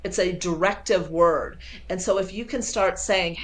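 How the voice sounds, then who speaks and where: A woman sales coach being interviewed over a video call, talking with lively enthusiasm and acting out quoted dialogue. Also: on the low side, normal speed, few pauses. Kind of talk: casual interview.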